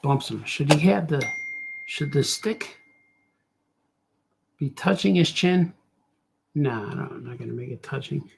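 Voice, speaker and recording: A man's voice: medium pitch, lively intonation, a little slow, gravelly, pauses often, slight background noise. A middle-aged man, a cartoonist, chatting casually on a live stream while he draws, muttering to himself, trailing off and talking to his viewers. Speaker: cartoonist livestreaming while drawing.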